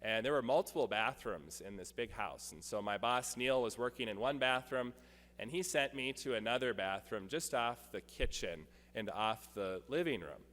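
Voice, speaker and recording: A male pastor telling a personal story in a sermon, with a few light jokes. He has a mid-pitched voice. His voice carries a long reverb through a church sanctuary. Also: expressive, moderate pace, a bit bright.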